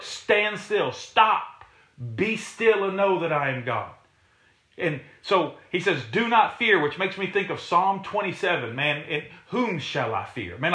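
A man preaching with a bright, forceful voice, pitched a little high for a man. He hammers points home by repeating them. The room around him rings with echo. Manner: emphatic, repetitive, rising to exhortation. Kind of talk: sermon. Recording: echoey room.

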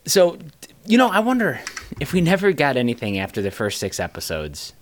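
A man's voice: medium pitch, huge pitch swings, a little fast. A man co-hosting a podcast, chatting casually and laughing often. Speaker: podcast co-host. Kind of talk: casual chat.

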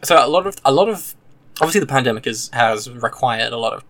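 A man's voice: mid-range voice, expressive, fairly bright tone. A man hosting a podcast in casual, digressive chat, enthusing as he talks. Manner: chatty, digressive, quick to enthuse. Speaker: podcast host.

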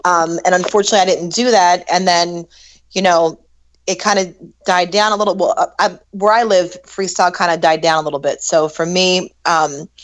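A woman's voice: fairly low pitch, steady tone, normal speed. A middle-aged woman, a guest recording artist, chatting casually in an interview, with frequent restarts and easy laughter. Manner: chatty, laughs easily, many restarts and fillers.

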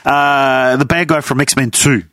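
Male co-host, mid-pitch, halting and wordy, dry close mic. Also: steady tone, a bit bright, no room sound. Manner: rambling, searches for words. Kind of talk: casual chat.

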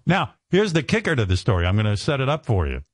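A man's voice: medium pitch, big pitch swings, fast, breathy edge, no room sound, studio quality. An older man hosting a talk show, bantering crudely and mocking people with impressions. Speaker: radio show host.

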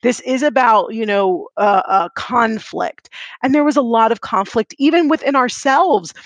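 A woman's voice: fairly high pitch, unhurried, dry recording. A woman co-hosting a podcast who speaks emphatically and dramatically in casual chat, repeating phrases for effect. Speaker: podcast co-host.

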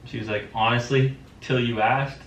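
A man telling travel stories in casual chat, animated and quick to act out what people said. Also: mid-range voice. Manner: animated storyteller, quotes people in lively voices. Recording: roomy, distant mic with faint background.

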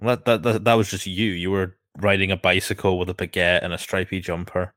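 A man's voice: low-pitched, little pitch movement, brisk, fairly bright tone, no room sound, clean studio sound. A man in a casual podcast chat, blunt and jokey, swearing now and then. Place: lives in Scotland.

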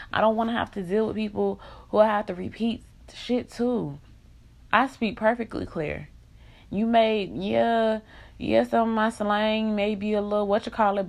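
A woman's voice: medium pitch, creaky. A young woman in an emotional vlog rant, venting in raw, profane country slang.

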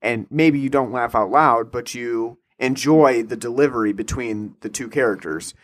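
A man in casual film chat, speaking in a measured, thoughtful way with frequent "um" and "like". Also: mid-range voice. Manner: measured, thoughtful, many fillers. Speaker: podcast co-host.

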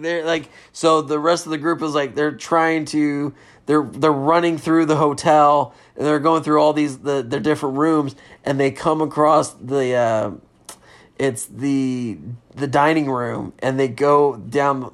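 A man tells a horror film's story in a loose, rambling way. He trips over his words, leans on fillers, and swears freely. His voice sits at a middle pitch for a man. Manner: rambling, filler-heavy retelling with frequent swearing and laughs. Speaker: podcast host reviewing a film. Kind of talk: casual film recap.

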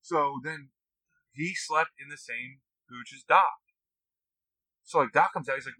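A young man telling profane, animated stories in a casual chat. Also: a little high, a little slow, pauses often, no room sound, low-quality recording. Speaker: podcast co-host, navy veteran.

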